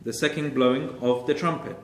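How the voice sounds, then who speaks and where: A man's voice: mid-range voice, fairly even intonation, a little fast, a bit bright, roomy sound, slight background noise. A man teaching a Quran exegesis class, explaining Arabic grammar step by step and repeating key phrases for emphasis.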